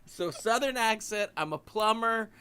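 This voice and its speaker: A man's voice: high-pitched, expressive, a little slow, pushed and bright, clean tone. A male panelist on a live show, gamely going along with a comedy bit. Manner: game, goes along with the bit. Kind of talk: casual live-show banter.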